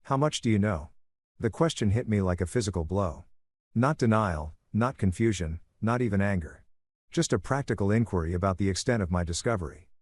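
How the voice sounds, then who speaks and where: A man narrates a first-person story in a measured, even way. His voice is fairly low, and the recording is dry and close with no room sound. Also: dry recording.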